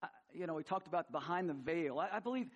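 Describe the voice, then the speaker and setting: High-voiced impassioned male preacher. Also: animated, quick pace, lo-fi sound. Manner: impassioned, swings from loud high emphasis to low quiet asides. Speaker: pastor. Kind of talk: sermon.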